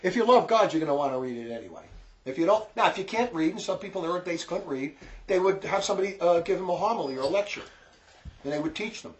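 A man's voice: sits high, expressive. A man with a New Jersey accent giving an informal religious lecture, talking emphatically and repeating his points. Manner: emphatic, repetitive, quick to scold. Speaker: religious teacher.

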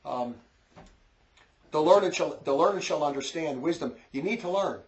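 Pressing the same points over and over, this New Jersey–accented religious teacher delivers an informal faith lecture that's animated yet a little mellow. He's emphatic and quick to scold, and his pitch runs slightly above the typical male range.

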